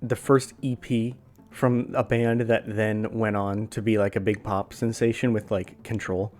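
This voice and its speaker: A young man co-hosting a podcast, chatting casually in a relaxed, hesitant way that trails off. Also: on the low side, measured pace, soft background music. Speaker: podcast co-host. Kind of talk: casual chat.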